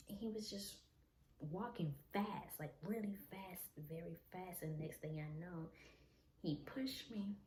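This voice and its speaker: A woman vlogger telling a personal story in an earnest, halting, confessional way. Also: medium pitch, dark tone, echoey room, slight background noise.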